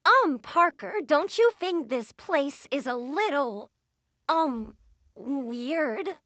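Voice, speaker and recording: A woman's voice: high-pitched, expressive, takes it slowly, bright, forceful tone, no echo, voice pushed up, heavily acted. A woman voicing a blunt girl friend who scolds and frets. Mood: uneasy.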